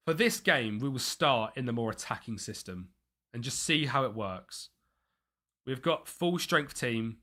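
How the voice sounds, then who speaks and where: A man's voice: mid-range voice, lively intonation, unhurried, pushed and bright. A man chatting as he streams a football management game, reacting to the match and his chat. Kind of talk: live gameplay commentary.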